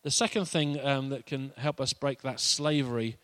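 A man's voice: medium pitch, fairly even intonation, normal speed, fairly bright tone. A man preaching a sermon as a pastor, in a conversational, playful way with asides.

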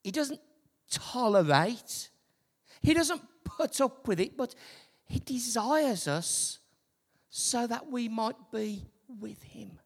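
A man in his fifties with a Birmingham accent preaching a sermon, swinging from loud emphasis down to soft near-whispers. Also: extremely high pitch, animated, takes it slowly, gravelly. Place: church hall. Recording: reverberant hall.

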